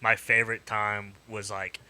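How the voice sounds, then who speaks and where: A man's voice: fairly low pitch, flat delivery, measured pace, sharp tone. A man co-hosting a podcast in casual chat, laid-back and making brief remarks. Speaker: podcast co-host.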